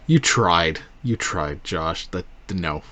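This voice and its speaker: A man's voice: deep voice, slow pace. A man hosting a casual movie podcast, talking loosely and with some swearing. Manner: loose, profane, animated delivery. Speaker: podcast host.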